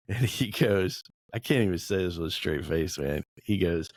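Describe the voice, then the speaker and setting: Brief: low-voiced man in his forties, earnest and candid, dry close recording, self-deprecating storyteller. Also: animated, normal speed, darkish tone, no echo. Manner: earnest, self-deprecating, laughs while telling stories. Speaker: podcast panelist. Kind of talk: candid group discussion.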